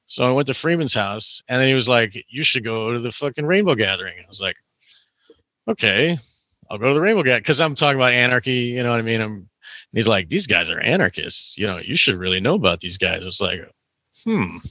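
A man's voice: mid-range voice, animated, quick pace, pushed and bright, no room sound. A young man telling a long story in casual chat, rambling with lots of "like" and "you know".

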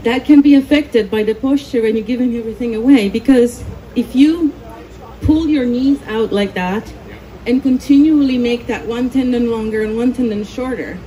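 A woman's voice: a little high, normal speed, dark tone, a little hiss or hum, poor audio. A woman giving a live talk to a conference audience, explaining and demonstrating posture on a volunteer. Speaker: speaker at a conference.

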